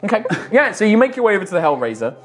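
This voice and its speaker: A woman's voice: medium pitch, very animated, very fast. A woman narrating a tabletop game as game master, rambling through descriptions.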